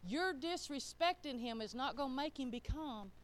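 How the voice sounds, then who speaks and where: A woman delivers a sermon in a smooth, clear voice that sits a little high. She talks to the congregation plainly, in everyday grammar, and swings from loud, driving emphasis to soft, low asides. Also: animated, normal speed. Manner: conversational, with colloquial grammar. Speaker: preacher.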